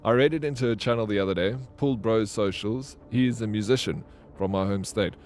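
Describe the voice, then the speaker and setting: His voice is fairly low, darkish and brisk as he livestreams a video game. Chatting loosely with viewers, he reads out and answers their messages and tells meandering stories riddled with fillers and restarts.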